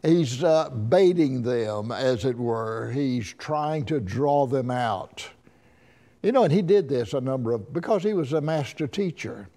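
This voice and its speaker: Alabama man teaching bible class, slow, folksy, keeps repeating himself. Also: medium pitch, expressive, mellow. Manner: folksy, halting, repeats words. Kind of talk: Bible lesson.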